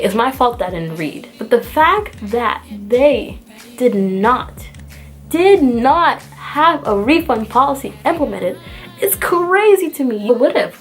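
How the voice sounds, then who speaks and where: A young woman from the United States telling a storytime to her viewers in an exasperated, animated way, acting out both sides of the argument. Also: on the high side. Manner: animated, exasperated, acts out the dialogue. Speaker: vlogger. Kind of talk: storytime rant.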